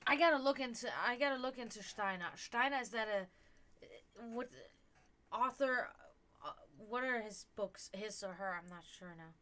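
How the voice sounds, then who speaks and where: A woman hosts a casual livestream and talks in long, earnest, rambling stretches. Her voice sits high and rings bright and clear. She keeps stopping to restart her sentences and fills the gaps with little fillers. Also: normal speed. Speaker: livestream host and psychic reader.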